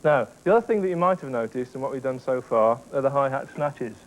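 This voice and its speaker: A man teaching drum technique step by step, explaining clearly and counting beats aloud. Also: mid-range voice, lively intonation, fast, a little hiss or hum, rough recording. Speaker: drum instructor. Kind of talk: instructional explanation with demonstrations.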